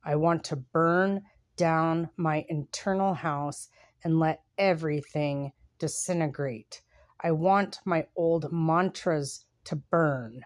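A woman hosting a podcast, talking softly and reflectively with pauses, then reading her own writing aloud. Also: sits low, fairly even intonation, no room sound, studio quality. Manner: soft, unhurried and reflective, with pauses. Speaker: podcast host.

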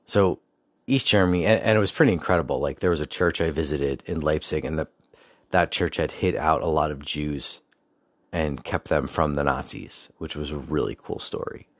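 Man, low voice, dry close sound, rambling storytelling with fillers. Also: moderate pace, a bit bright, no room sound. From United States. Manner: rambling, with many fillers and digressions. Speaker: speaker recounting a personal story. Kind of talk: casual storytelling monologue.

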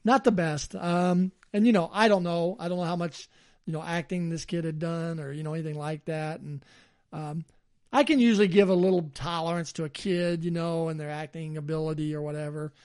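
A man's voice: fairly high pitch, fairly even intonation, brisk, a little mellow. A man co-hosting a podcast in casual chat, easygoing and rambling. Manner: easygoing, rambling with fillers and laughs. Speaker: podcast co-host.

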